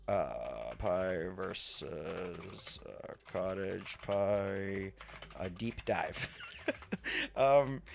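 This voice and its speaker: A man's voice: fairly low pitch, vocal fry. A man live-streaming a game in casual chat who rambles, repeats himself and swears offhand.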